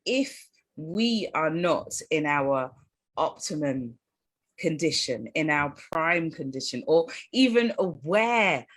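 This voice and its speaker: Low-voiced earnest woman hosting. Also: lively intonation, slow. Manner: earnest, reflective, repeats phrases. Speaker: podcast host. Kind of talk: conversational interview. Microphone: video call.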